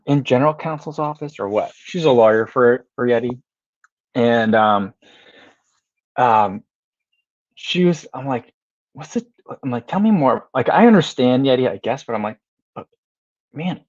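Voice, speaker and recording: A man's voice: medium pitch, no echo, highs cut off. A man in his thirties from the United States hosting a casual livestream, reading viewer comments aloud, chatting and laughing often, trailing off and restarting his sentences. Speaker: livestream host.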